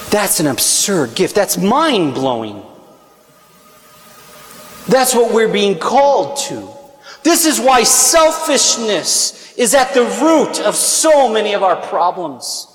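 A man preaching a sermon in earnest tones, rising to emphatic peaks on his key points. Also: sits high. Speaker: speaker on stewardship. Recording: echoey hall reverb.

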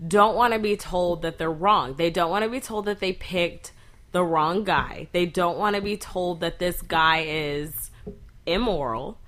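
A woman's voice: fairly low pitch, unhurried, a bit bright. A woman from North Texas co-hosting a casual beer podcast, blunt and teasing. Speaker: podcast co-host.

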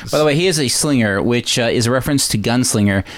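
A man's voice: medium pitch, fast talker, no room sound. A man co-hosting a movie podcast, tossing in wry, jokey asides and trivia. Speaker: podcast co-host. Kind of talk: casual movie podcast banter.

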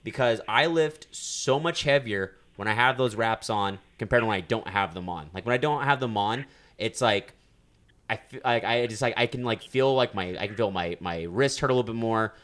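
Bright-voiced laughing male podcast co-host. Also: on the low side, moderate pace. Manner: laughing, self-deprecating, rambling with fillers. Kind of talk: casual chat.

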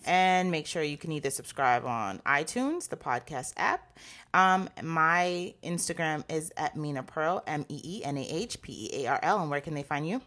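A woman's voice: sits low, lively intonation, normal speed, fairly bright tone. A woman co-hosting a podcast, chatting casually and affirming her friend. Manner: supportive listener, frequent affirmations. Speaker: podcast co-host. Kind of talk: casual chat.

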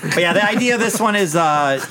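A man's voice: high voice, expressive, fairly quick, very noisy. A man co-hosting a casual review podcast, recapping episode plots with easy laughs. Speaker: podcast co-host.

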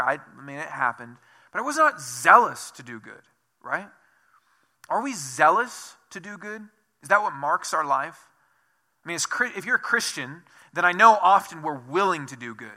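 Pastor guy preaching, chatty self-deprecating stories, lots of questions to the crowd, kinda high sharp voice. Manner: conversational, self-deprecating storytelling; asks the listeners many questions. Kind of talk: sermon.

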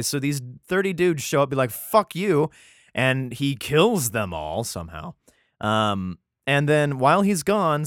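A man's voice: mid-range voice, smooth, no echo, studio quality. A man hosting a casual podcast who reads aloud and comments in profane, rambling, exasperated asides. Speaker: podcast host. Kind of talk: casual Bible reading podcast.

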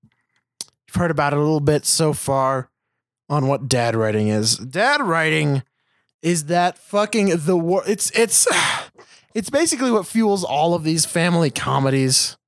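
High, gravelly-voiced man ranting. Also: animated, a little slow, no echo, studio quality. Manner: ranting, profane, mocking voices. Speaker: podcast co-host. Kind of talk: casual chat. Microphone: video call.

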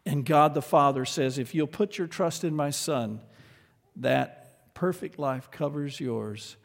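A man delivers a sermon with earnest conviction, dropping to quiet asides and then rising to loud, emphatic lines. His voice sits a little high for a man. A long reverb from a large hall trails behind every phrase. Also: slow pace, gravelly. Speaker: preacher.

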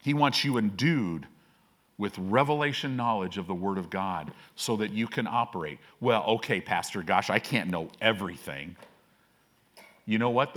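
Lively conversational male preacher. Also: lowish voice. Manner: conversational, self-deprecating, asks "right?" often. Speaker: pastor. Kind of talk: sermon.

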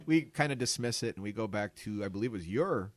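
Brief: male podcast co-host, lively swooping delivery, dry close sound, swears freely while spinning stories. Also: lowish voice, fast talker, dry recording. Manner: profane, animated storyteller doing voices. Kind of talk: casual storytelling chat.

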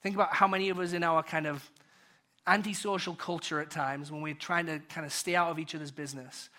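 High, bright British pastor preaching. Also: male voice, steady tone, brisk. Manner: rhetorical questions, builds and drops in volume. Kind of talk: sermon.

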